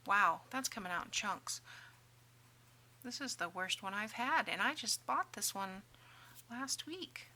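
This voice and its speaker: A woman hosting a casual crafting tutorial, chatting and joking at herself, dropping to soft mutters while she works. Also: mid-range voice, lively intonation, a little slow, pauses often. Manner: chatty, self-deprecating, mutters softly while working.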